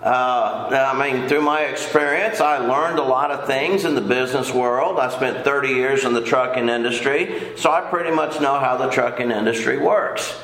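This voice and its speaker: A man's voice: medium pitch, moderate pace, few pauses, a bit bright. An older man teaching a casual Bible lesson in a folksy, rambling way, often repeating himself. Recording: echoey room.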